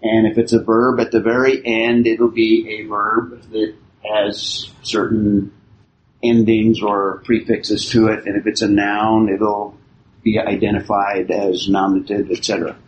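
A man teaching a Bible class, explaining the text and putting questions to his students with halting restarts. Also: fairly low pitch, little pitch movement, lo-fi sound, a little hiss or hum. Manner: slow and deliberate, with halting restarts.

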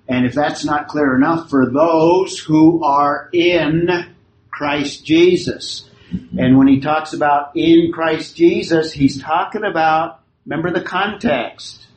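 Slow-speaking man teaching Bible study. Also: mid-range voice, a little hiss or hum. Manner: often checks the class understands. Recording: echoey room.

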